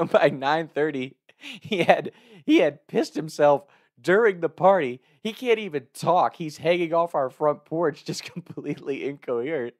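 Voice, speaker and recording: A man's voice: on the high side, expressive, a little slow, no echo, studio quality. Laughing man telling a story. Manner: laughs often mid-sentence, loose rambling delivery. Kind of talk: casual personal anecdote.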